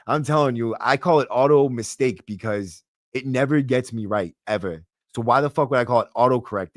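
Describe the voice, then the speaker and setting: A man's voice: mid-range voice, no echo. Man, Boston accent, brash streetwise livestream chat, dry close mic, mid-range voice. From Massachusetts. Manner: brash, swearing, streetwise slang. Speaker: livestream podcast host. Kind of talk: casual livestream chat reading comments. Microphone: close podcast mic.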